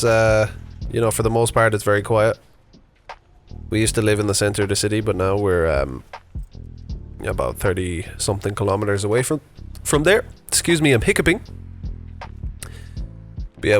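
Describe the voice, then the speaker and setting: Thirties male vlogger, deep-ish casual delivery, loose and chatty, faint music bed. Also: vocal fry. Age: 30s. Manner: casual, rambling, chatty with fillers. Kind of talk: unscripted walking vlog narration. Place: outdoors on a morning walk.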